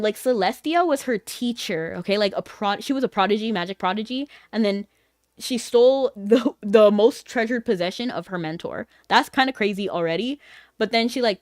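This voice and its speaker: A woman's voice: mid-range voice, no echo, clean studio sound. A woman streaming a game, chatting casually with her viewers in a rambling, filler-heavy way and laughing easily.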